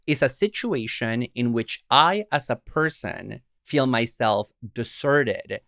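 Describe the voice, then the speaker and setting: Man, co-host; gravelly, dry close sound, measured explanations. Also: medium pitch, animated, fairly bright tone, dry recording. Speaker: podcast co-host. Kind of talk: casual philosophical discussion.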